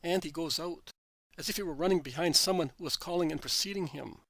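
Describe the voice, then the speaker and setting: A man reading religious narration in an even, measured way. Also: on the high side, creaky, no echo, low-quality recording. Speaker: reader.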